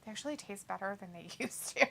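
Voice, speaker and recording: A woman's voice: medium pitch, lively intonation, quick pace, creaky, fairly bright tone. A woman co-hosting a casual wrestling watch-along live stream, chatting and reading viewer messages aloud in a jokey way.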